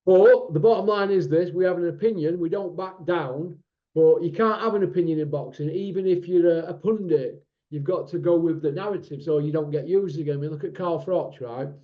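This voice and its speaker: A man with a fairly high voice hosts a casual online boxing chat show. He talks bluntly and rambles, saying what he thinks. The sound is dull and lo-fi, like online call audio. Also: a little fast. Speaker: boxing channel host.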